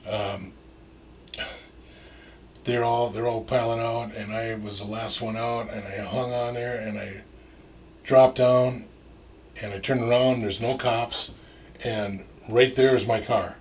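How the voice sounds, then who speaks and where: This middle-aged Minnesota man, appearing as a storyteller guest, takes it slowly with frequent pauses while telling a long, rambling anecdote thick with fillers, restarts and some swearing. His mid-range voice is steady and darkish in tone. The distant mic carries faint noise.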